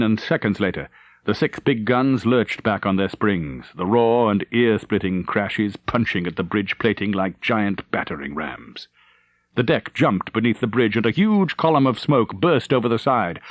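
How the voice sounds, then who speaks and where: Male audiobook narrator, animated pitch, dramatic and measured, dry studio sound. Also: dry recording. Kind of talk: scripted narration.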